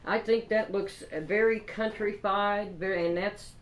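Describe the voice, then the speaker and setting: A woman's voice: mid-range voice, fairly even intonation, a little slow, roomy sound, slight background noise, rough recording. A woman from Kentucky with a Southern accent, chatting casually and folksily as she shows off her craft supplies. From Kentucky, USA. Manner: chatty, folksy, lots of "y'all" and "you know". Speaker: craft vlogger. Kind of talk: casual haul chat.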